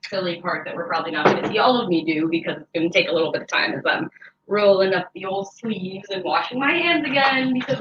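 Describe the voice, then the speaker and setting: A woman's voice: mid-range voice, pushed and bright, a little hiss or hum. A woman hosting a cooking show, chatting casually and joking as she works through a recipe in her home kitchen, with a lot of "like" in her speech. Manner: chatty, jokey, peppered with "like". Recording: echoey, slightly dull home recording.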